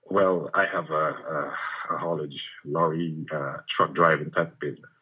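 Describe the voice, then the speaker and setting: Very deep man on a tinny phone line. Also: steady tone, normal speed, husky. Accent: English. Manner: hesitant, full of ums. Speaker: caller. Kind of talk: prank call on a live show.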